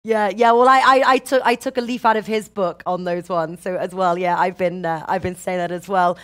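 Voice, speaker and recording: A woman's voice: fairly low pitch, steady tone, a little fast, a bit bright. A woman hosting a live-streamed football betting chat, upbeat and reading out viewer comments. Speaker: betting show host.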